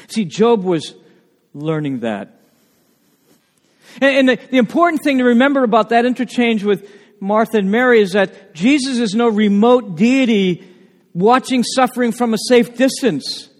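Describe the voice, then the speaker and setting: A man preaching a sermon with emphatic delivery, rising to loud urgent points and dropping to hushed, quiet lines. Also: very high-pitched, expressive, unhurried, pauses often. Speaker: pastor. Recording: long hall reverb.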